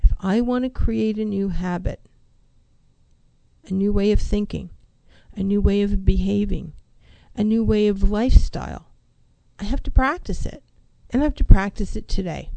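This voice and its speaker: A woman's voice: mid-range voice, normal speed, dark tone, no room sound, rough recording. A woman counselor giving an emphatic motivational talk on mental health, asking rhetorical questions and repeating key phrases.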